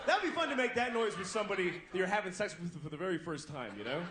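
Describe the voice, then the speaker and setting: A man's voice: high voice, animated, very fast. A young man in his twenties doing a crude stand-up comedy set, telling stories conversationally in front of a club audience. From United States. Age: 20s. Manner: crude, conversational storytelling with acted-out voices. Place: comedy club stage before a live audience. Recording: noisy live club recording.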